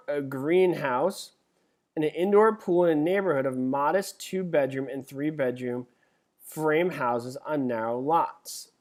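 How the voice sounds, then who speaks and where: A middle-aged man teaching a live webinar as an exam instructor, chatty and joking, reading multiple-choice questions out slowly. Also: on the high side. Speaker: real estate exam instructor.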